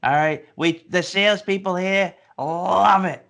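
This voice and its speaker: A man's voice: high voice, measured pace, creaky, a bit bright, exaggerated voice. A man playing a brash, salesy hiring manager in a comedy sketch who repeats himself, talking over a video call.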